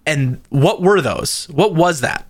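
Animated man telling a story on a podcast. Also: a little high, slow pace, dry recording, clean studio sound. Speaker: podcast co-host. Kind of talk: casual chat.

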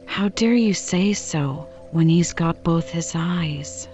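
A woman's voice: lowish voice, takes it slowly, a little mellow, soft background music. A woman reading the lines of a spirited, outspoken girl in an audiobook, exclamatory and indignant. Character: spirited tomboyish girl, quick to defend. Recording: slightly dull lo-fi recording.

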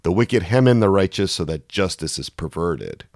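A man giving a sermon, reading scripture passages aloud with rising anguished intensity between calmer explanations. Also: sits low, normal speed, no echo, studio quality. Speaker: preacher.

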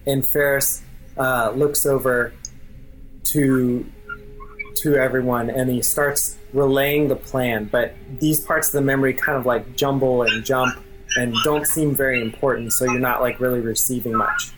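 Brief: man game master, mid pitch, casual and rambling, loose fillers, narrating a role-play scene. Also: fairly even intonation, a little slow, fairly bright tone, slight background noise, poor audio.

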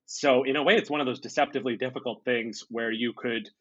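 A man's voice: medium pitch, quick pace. Podcast co-host, laid-back man, hedgy, slightly muffled mic. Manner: relaxed, hedging, lots of "like" and "uh". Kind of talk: casual film chat. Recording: slightly dull recording.

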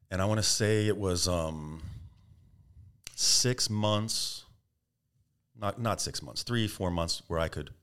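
A middle-aged man, a podcast guest, telling stories animatedly and acting out the quotes. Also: deep voice. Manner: animated storyteller, acts out tones and quotes. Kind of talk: storytelling interview.

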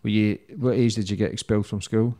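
A man's voice: fairly low pitch, fairly even intonation, fast, warm tone. A man interviewing a guest in a blunt, casual way, swearing freely as he reacts.

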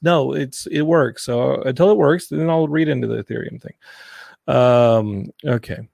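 A man hosting a casual podcast chat, telling stories with energy and acting out what people said in a higher voice. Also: a little slow, gravelly, no echo, studio quality. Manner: animated storytelling, acts out quotes in a higher voice. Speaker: podcast host. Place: Los Angeles.

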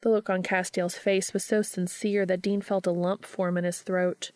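A woman narrating a story in a steady, even-paced reading. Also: on the low side, normal speed, no echo. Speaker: audiobook reader.

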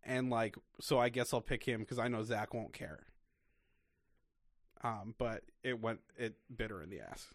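A man's voice: on the low side, measured pace, dry recording, clean studio sound. A young man co-hosting a podcast, chatting bluntly and jokingly, with frequent swearing. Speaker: podcast co-host. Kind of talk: casual recap chat.

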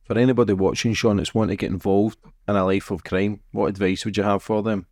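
A man hosts a podcast interview and asks his questions in an easygoing, low-key manner. His voice sits on the low side. The sound is dry, with the voice a little off the mic. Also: steady tone, fast talker, darkish tone, no room sound. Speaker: podcast host.

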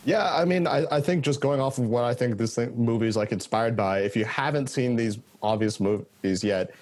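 A man's voice: medium pitch, a little fast, darkish tone. A man appearing as a podcast guest, talking in a laid-back, agreeable way. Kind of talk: casual chat.

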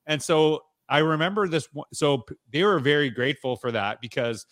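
A man's voice: on the high side, lively intonation, brisk, fairly bright tone, no echo, studio quality. A man hosting a podcast interview, talking in long, rambling sentences full of hedges and restarts. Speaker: podcast host. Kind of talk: conversational interview.

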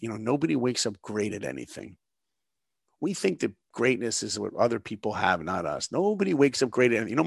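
A man's voice: lowish voice, vocal fry, no room sound, clean studio sound. A middle-aged man from New York, a guest in an interview, telling a story and acting out the voices in it. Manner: animated storyteller, acts out dialogue.

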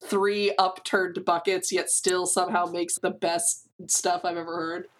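A woman's voice: lowish voice, level tone, unhurried. A woman running a tabletop game as game master, narrating scenes in a playful way and laughing easily.

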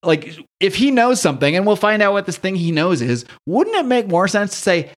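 Fast-talking man recapping comics. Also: high voice, sing-song. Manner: quick, rambling, laughs while retelling, voices characters loosely. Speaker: podcast host. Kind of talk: casual comic book recap.

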